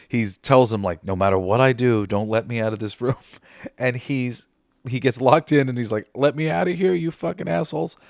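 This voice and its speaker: A man's voice: on the low side, a little mellow, no echo, studio quality. A man hosting a podcast, chatting casually and rambling with fillers and laughs. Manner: rambling, quotes movie lines with laughs. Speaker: podcast host. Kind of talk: casual chat.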